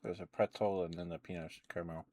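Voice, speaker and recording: A man doing soft-spoken ASMR on a stream, chatting relaxed while eating candy into a close mic. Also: low-pitched, quick pace, slight background noise.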